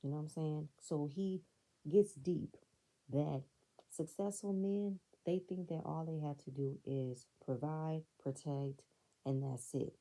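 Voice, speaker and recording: A woman's voice: deep voice, fairly even intonation, slow, warm tone, rough recording. A woman hosting her own channel, giving a chatty, opinionated review of a reality show in a casual commentary style, full of "like" and "you know.".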